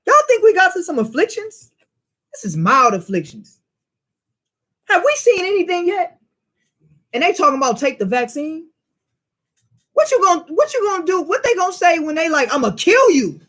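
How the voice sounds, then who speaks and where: A man's voice: very high voice, a bit bright. A man teaching a Bible study in informal preaching style, emphatic and full of rhetorical questions and street slang.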